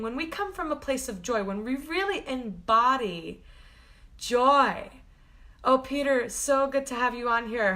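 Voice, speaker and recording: A woman's voice: on the high side, bright, forceful tone. A woman hosting a live-streamed spiritual talk, earnest and gushing, greeting viewers by name as she speaks.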